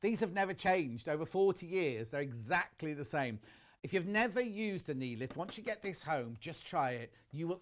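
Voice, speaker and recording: A man's voice: a little high, fairly bright tone. A man presenting a live television shopping demonstration in a TV studio, chatty and enthusiastic, talking straight to viewers.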